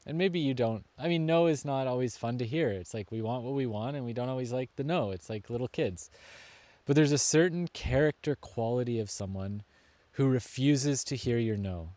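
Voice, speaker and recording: A man giving a reflective motivational talk, earnest and deliberate, slowing down to lean on key words. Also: mid-range voice, darkish tone, no echo. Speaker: self-help speaker.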